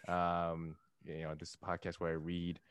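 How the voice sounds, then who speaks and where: Deep monotone man, comedian. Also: moderate pace, clear, resonant tone, no echo. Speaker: comedian, podcast co-host. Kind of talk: casual chat.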